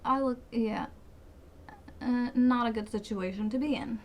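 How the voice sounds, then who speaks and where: A woman's voice: fairly high pitch, fairly even intonation, measured pace, a little hiss or hum. A woman in her twenties telling a rambling, profane story in a dramatic, casual storytime way. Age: 20s. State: sweating, hot. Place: hot room.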